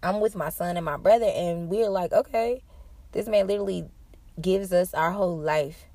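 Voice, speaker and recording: A young woman hosting a podcast, telling a story in a casual, animated way, cursing freely and jumping up into excited exclamations. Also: moderate pace, no echo. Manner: animated, profane, jumps to high excited exclamations. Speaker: podcast host.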